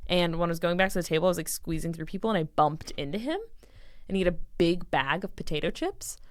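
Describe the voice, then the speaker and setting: A young adult woman co-hosting a podcast talks quickly in a lowish voice, recorded on a close mic with no room sound. She tells stories in casual chat, animatedly acting out the quoted dialogue.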